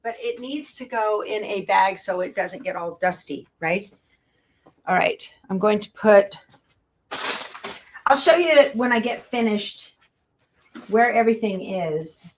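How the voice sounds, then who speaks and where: A woman's voice: mid-range voice, lively intonation, measured pace, pauses often, a little hiss or hum. Chatty woman tidying up. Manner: chatty, talks to herself and viewers. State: out of breath at times. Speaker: quilting show host. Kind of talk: casual chat while tidying. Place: craft room at home. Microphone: earbuds.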